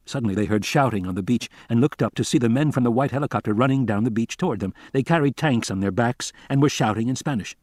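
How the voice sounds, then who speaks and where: A man's voice: mid-range voice, fast, hardly any pauses, darkish tone, no room sound. Man narrating a novel, dry close sound. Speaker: audiobook reader.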